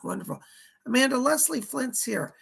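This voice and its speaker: A hoarse man runs a live psychic reading stream. His voice is deeply gravelly and rough, almost all rasp. He chats as he passes on spirit messages and thanks viewers by name. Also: expressive, moderate pace, a bit bright. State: dry throat, hoarse.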